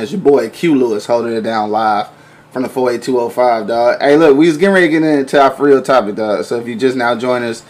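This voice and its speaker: A man's voice: mid-range voice, darkish tone. A man hosting a live radio show, chatting in loose, slangy banter. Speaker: host. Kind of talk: casual radio show chat.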